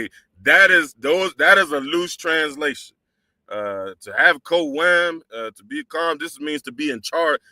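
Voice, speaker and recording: A man's voice: medium pitch, pushed and bright, dry recording. A man hosting a livestream who lectures casually but emphatically, speaking straight to women in his audience and quoting and explaining Arabic scripture. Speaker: religious livestream host.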